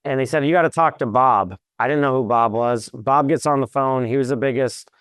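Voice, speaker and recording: Smooth-voiced man telling lively stories. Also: medium pitch, fairly quick, dry recording. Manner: lively anecdotes, acts out quotes. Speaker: commercial real estate broker, guest. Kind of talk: animated storytelling in an interview.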